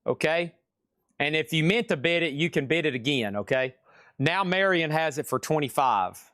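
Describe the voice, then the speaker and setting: A man's voice: on the high side, expressive, normal speed, fairly bright tone, dry recording, clean studio sound. A man with a Southern US accent hosting a live record sale, in chatty, rambling patter that often corrects itself. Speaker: live-stream record seller. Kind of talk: casual live sales patter.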